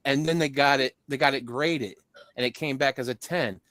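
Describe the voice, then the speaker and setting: A man's voice: mid-range voice, moderate pace, a bit bright, dry recording. Blunt man, dry close sound. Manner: blunt, indignant retelling. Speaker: livestream guest. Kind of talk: casual chat.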